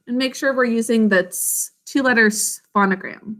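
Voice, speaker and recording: Woman, elementary teacher, spelling lesson; slow and bright, sounds out every syllable. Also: on the high side. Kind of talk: online spelling lesson for children.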